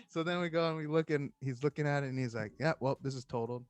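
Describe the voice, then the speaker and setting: A man's voice: fairly high pitch, normal speed, no echo. Man telling a story in a dry room. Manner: animated storyteller acting out quoted voices. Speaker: guest, firefighter. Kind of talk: casual storytelling chat.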